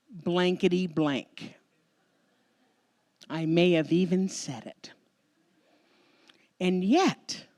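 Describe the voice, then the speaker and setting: An American woman minister giving a Sunday sermon, telling a personal story in a conversational, emotional, expressive way before a congregation. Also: a little high. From United States. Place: church sanctuary before a congregation.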